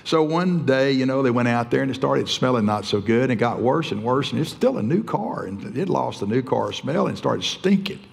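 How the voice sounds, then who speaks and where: A man's voice: medium pitch, animated, normal speed, creaky, hardly any pauses. An older man preaching a sermon as pastor, telling folksy stories and chuckling often. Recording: church hall reverb.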